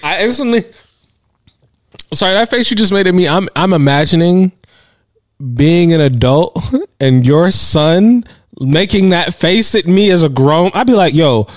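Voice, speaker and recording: A man co-hosts a laid-back podcast, trading slangy jokes and laughing often. His voice sits a little high and moves around a lot. He is recorded close and dry. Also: expressive, a little slow, pauses often, no room sound. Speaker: podcast co-host. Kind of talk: casual chat.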